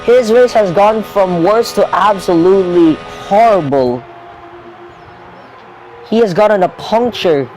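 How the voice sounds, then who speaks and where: A young man commentating a video game race live, rambling and correcting himself, getting excitable when cars crash out. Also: sits high, measured pace, long pauses, soft background music, low-quality recording.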